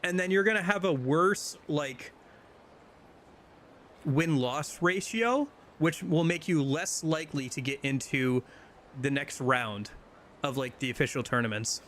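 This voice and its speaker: Rambling male game streamer, higher voice. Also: unhurried, a bit bright, slight background noise. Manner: rambling, many fillers and restarts. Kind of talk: casual gameplay chat.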